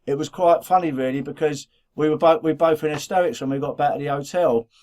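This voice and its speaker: A middle-aged man with a Black Country accent talks through a casual podcast chat. His voice sits a touch high for a man. He rambles, repeating words and starting over as he goes. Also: brisk, a little mellow. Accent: Black Country English. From England. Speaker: podcast co-host.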